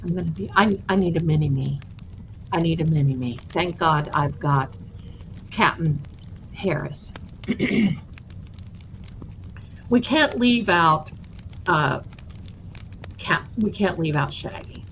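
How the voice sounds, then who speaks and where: Woman hosting a relaxed live stream, warm and talkative, unhurried delivery, faint room noise behind. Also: sits low, rough recording. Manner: chatty, affectionate, calls viewers my darlings. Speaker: host of a tarot channel livestream. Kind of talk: casual livestream chat.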